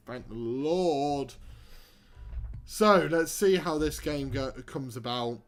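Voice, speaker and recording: A young man streaming a football manager game, commentating live with sarcastic, exasperated rants. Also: medium pitch.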